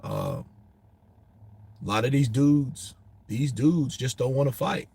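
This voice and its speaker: A man doing an impression of a laid-back, soft-spoken boxer who talks in a low-key, hesitant mumble. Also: wildly swooping pitch, slow, vocal fry, husky, full character voice. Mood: weary.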